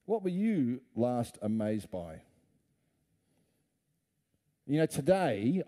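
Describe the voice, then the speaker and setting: A man's voice: on the high side, dark tone. A middle-aged man, preaching a conversational sermon full of rhetorical questions and playful asides. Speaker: pastor.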